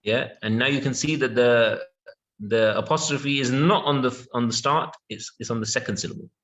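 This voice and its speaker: A man giving an online English lesson in an everyday mid-range voice. He talks patiently, drawing words out and filling the pauses with yeah and okay while he checks that his students follow. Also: mid-range voice, fairly bright tone. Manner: patient, repeats words slowly with many yeahs and okays. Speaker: English teacher.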